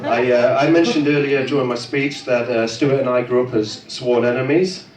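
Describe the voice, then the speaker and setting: A man's voice: medium pitch, steady tone, normal speed, a little hiss or hum. A tipsy man giving a rambling, crude wedding speech for his brother, full of hesitations and self-deprecating jokes. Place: wedding reception hall with guests. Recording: roomy echo, distant mic, loud crowd.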